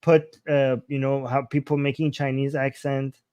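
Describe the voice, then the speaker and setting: A man's voice: medium pitch, little pitch movement, moderate pace, dark tone, smooth, no room sound. A man co-hosting a casual livestream chat, easygoing, laughing often and restarting his sentences. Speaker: co-host.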